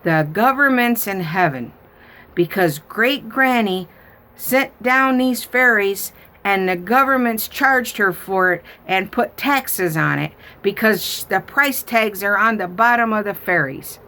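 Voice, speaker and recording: A woman voicing an excited little girl of about four, talking in a breathless, insistent way. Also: mid-range voice, unhurried, pitched above the performer's own voice. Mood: alarmed.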